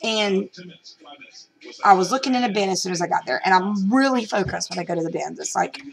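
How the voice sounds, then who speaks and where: Gravelly-voiced middle-aged woman vlogger. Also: mid-range voice, brisk, low-quality recording. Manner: rambling, chatty, many fillers and restarts. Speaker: reselling vlogger. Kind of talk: casual storytelling vlog.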